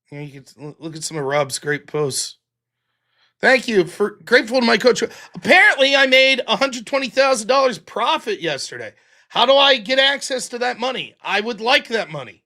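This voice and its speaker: A man's voice: very high-pitched, big pitch swings, moderate pace, pushed and bright. A man hosting a livestream, chatting in a sarcastic, rambling way full of swearing while reading out donations. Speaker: show host.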